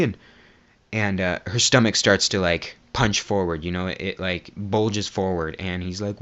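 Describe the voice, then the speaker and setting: A low-voiced man talks through a movie plot on a dull, muffled home recording. He rambles and restarts, swearing casually as he goes. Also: normal speed, fairly bright tone. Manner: rambling, lots of fillers and restarts, swears freely. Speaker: movie reviewer. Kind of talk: casual spoken movie recap.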